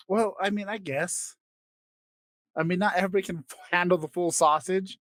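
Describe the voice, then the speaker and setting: A man hosting a comedy podcast, ranting crudely and swinging between loud outbursts and quiet asides. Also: high voice, takes it slowly, long pauses. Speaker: podcast host. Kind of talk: comedic rant.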